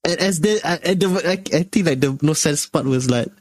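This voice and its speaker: A man with a Malaysian English accent co-hosting a casual gaming podcast, telling stories in an animated way. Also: fairly high pitch, a little fast, no room sound. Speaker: podcast co-host. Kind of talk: casual chat.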